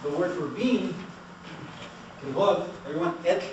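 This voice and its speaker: Male lecturer, animated and questioning, recorded from afar over steady room noise. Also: fairly high pitch, normal speed, dull audio. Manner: animated, asks the class questions and has them repeat. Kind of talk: classroom language lecture. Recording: echoey room, mic far off, noisy.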